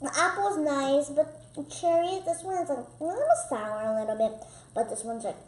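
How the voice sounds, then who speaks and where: A woman vlogging casually as she tastes foods, chatty and excitable, with lots of "like" fillers. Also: sits high, moderate pace, roomy sound, a little hiss or hum. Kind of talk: casual food-tasting vlog.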